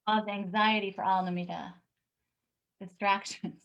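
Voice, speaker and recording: A woman's voice: medium pitch, flat delivery, unhurried, highs cut off. A woman educator giving a live online talk, telling a classroom story, acting out the people she quotes and reading replies from the chat.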